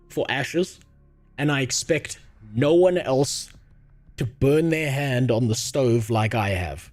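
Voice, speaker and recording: A man's voice: medium pitch, takes it slowly, darkish tone, faint music behind. A man from South Africa with a South African accent, streaming and chatting casually with his chat, crude and sarcastic, often laughing. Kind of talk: casual livestream chat, reading chat.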